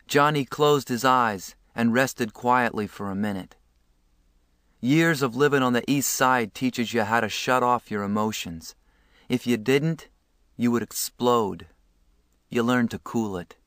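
A man reads a novel aloud in a measured, earnest manner. His pace is very slow and his pitch sits in the middle. The sound is close and dry. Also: a bit bright, smooth, dry recording. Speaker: narrator. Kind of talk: audiobook reading.

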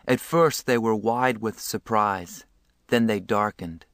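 A man narrating a novel aloud in a measured, earnest voice. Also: lowish voice, fairly bright tone, dry recording, studio quality. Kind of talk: audiobook reading.

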